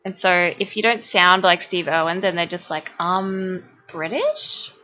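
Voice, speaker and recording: A woman's voice: on the low side, steady tone, moderate pace, pushed and bright, highs cut off, soft background music. A young Australian woman streaming her art, chatting casually with viewers, reading their comments aloud and laughing often. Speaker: art livestreamer. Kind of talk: casual chat with live viewers.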